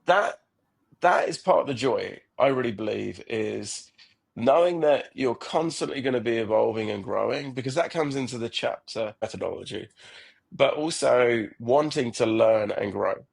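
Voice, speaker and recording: A man's voice: medium pitch, animated, moderate pace, creaky, slightly rough. A middle-aged man, a startup founder, speaking as a podcast guest in an earnest, reflective way, often repeating words and restarting his sentences. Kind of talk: reflective conversational interview.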